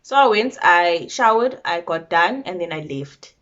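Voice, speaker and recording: A young woman with a South African accent, telling a story to her viewers in a blunt, animated storytime style. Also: fairly low pitch, measured pace, muffled recording. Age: young adult. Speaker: vlogger. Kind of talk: casual storytime.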